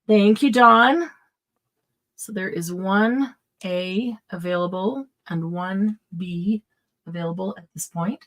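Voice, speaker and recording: A woman's voice: medium pitch, slow pace, fairly bright tone. A middle-aged woman hosting a live craft supply sale, chatting casually and thinking aloud as she sets prices. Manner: chatty, thinks aloud while pricing items.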